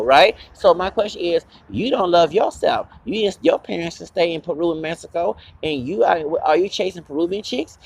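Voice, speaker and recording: A man's voice: high voice, gravelly, darkish tone, a little hiss or hum. A man hosting his own channel, delivering an angry, profane and rambling confrontational vlog rant. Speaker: channel host.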